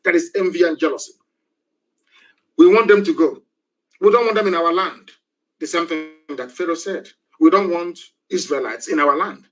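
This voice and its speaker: A man's voice: on the high side, normal speed, a bit bright, poor audio. A man giving an impassioned political broadcast, preachy and full of repeated rhetorical questions. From Nigeria.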